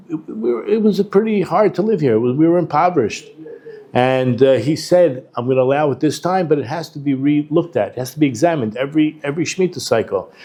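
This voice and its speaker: Here a rabbi and educator speaks in a warm, mid-range voice while leading a conversational Torah lesson. Drawing on texts, Hebrew terms and quotes, he talks informally, often restarting and turning aside to address the class.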